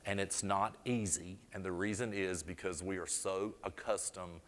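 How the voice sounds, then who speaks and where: A man's voice: sits low, fairly even intonation, normal speed, big-room sound. A man from North Carolina with a Southern accent, presenting a floral design demonstration in a chatty, storytelling way with folksy asides. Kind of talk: live demonstration talk. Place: event hall before an audience.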